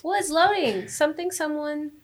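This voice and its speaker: A woman's voice: high voice, lively intonation, moderate pace, crowd noise. A woman on a podcast, chatting casually, laughing and asking questions. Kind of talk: casual chat.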